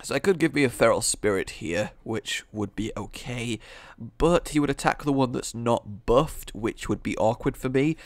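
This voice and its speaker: A man's voice: mid-range voice, normal speed, dry recording. A man giving joking, rambling commentary over a card game he's playing, with sarcastic asides. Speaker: gaming video host. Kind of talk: let's-play commentary.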